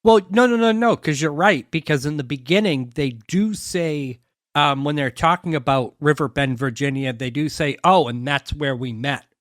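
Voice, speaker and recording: Male podcast co-host, slightly high pitch, dry close sound, jokey. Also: moderate pace, no echo. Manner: conversational, jokey asides. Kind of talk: casual chat recapping a sitcom.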